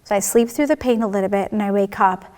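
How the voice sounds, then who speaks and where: A woman's voice: mid-range voice, quick pace, darkish tone, big-room sound. A woman giving a personal testimony at church, telling her story candidly and acting out the dialogue.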